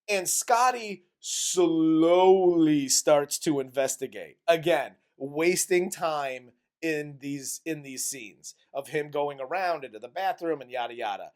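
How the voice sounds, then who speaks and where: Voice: mid-range voice, animated, slow. A co-host of a comedy movie review podcast, retelling the plot in a crude, exasperated, laughing way.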